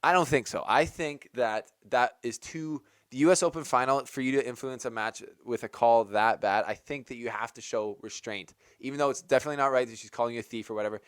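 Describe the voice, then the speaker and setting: A man's voice: mid-range voice, brisk, few pauses, clear, resonant tone, no room sound, clean studio sound. A man hosting a tennis channel, giving casual opinion commentary in a chatty, rambling way with lots of "like". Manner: chatty, rambling, heavy use of "like".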